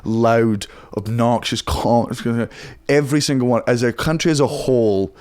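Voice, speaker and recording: A young man with a Scottish accent talks on a podcast in a medium-pitched voice. He is quick, profane and self-mocking, with a loose, casual delivery. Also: fairly even intonation, a little mellow, smooth. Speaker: guest comedian. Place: podcast studio.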